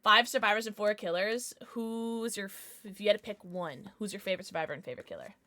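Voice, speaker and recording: A woman's voice: mid-range voice, pushed and bright. A young woman livestreaming from home, chatting casually and gushing over gifts and viewers. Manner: bubbly, gushing, quick swings to squeals and mumbles. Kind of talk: casual chat.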